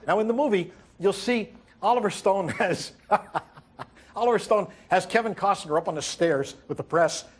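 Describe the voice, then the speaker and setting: High-voiced wry male comedian. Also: slightly rough. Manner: wry storyteller, acts out quotes, halting fillers. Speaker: comedian host. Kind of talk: stand-up monologue. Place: TV studio with audience.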